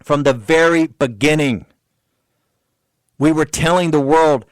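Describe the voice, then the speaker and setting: A man's voice: on the high side, unhurried, no echo. A man hosting a political talk radio show, delivering an emphatic, fiery rant.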